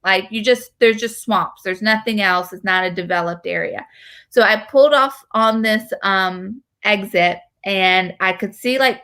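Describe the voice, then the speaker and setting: Woman in her thirties, from North Carolina, animated chatty storyteller, lots of fillers, casual. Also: medium pitch. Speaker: host.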